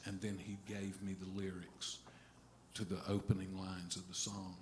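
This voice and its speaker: A middle-aged man telling a halting, rambling story between songs at a live concert, restarting his sentences often. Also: sits low, level tone, slight background noise. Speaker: singer-songwriter on stage. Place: music venue stage. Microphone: stage vocal mic. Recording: roomy live venue sound.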